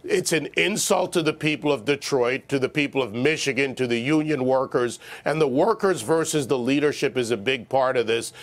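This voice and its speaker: A man's voice: medium pitch, moderate pace, hardly any pauses. A man commenting on a television panel, sarcastic and mocking, cracking jokes.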